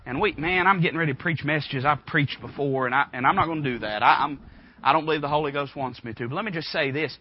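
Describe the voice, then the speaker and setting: Preacher guy, husky, voice swoops up and down, dull lo-fi church tape. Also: sits high, expressive, brisk. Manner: impassioned Southern-style preaching, swinging between loud and hushed. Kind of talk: sermon.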